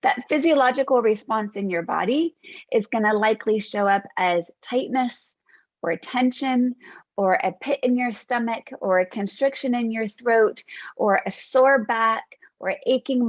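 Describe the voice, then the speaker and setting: Gentle reassuring woman podcast host. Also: fairly high pitch, dry recording, lo-fi sound. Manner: gentle, reassuring, unhurried lists. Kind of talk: reflective podcast monologue.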